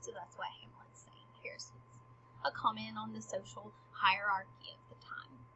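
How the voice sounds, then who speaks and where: A woman's voice: medium pitch, level tone, normal speed, pushed and bright. A woman casually explaining a play scene by scene, paraphrasing it in modern slang, often dropping to a near whisper. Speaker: literature explainer. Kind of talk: casual spoken study guide. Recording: dull lo-fi recording.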